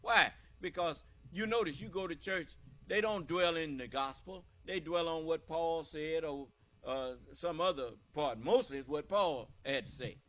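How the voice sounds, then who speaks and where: American male preacher, high and bright, slow and emphatic, quizzes the congregation. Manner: emphatic, asks the listeners questions. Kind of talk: scripture teaching sermon.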